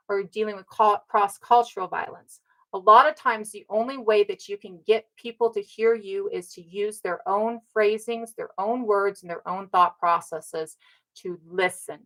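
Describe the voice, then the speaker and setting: A woman's voice: medium pitch, a bit bright, poor audio. A woman from North America giving an emphatic, casual talk, who repeats her points and keeps checking in with "right?". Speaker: speaker on ancestry and community.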